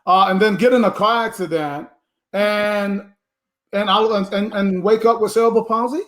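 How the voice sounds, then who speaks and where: A man hosting a talk show interview, inquisitive and halting, often restarting his sentences. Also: high-pitched, fairly even intonation, fairly bright tone. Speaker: host.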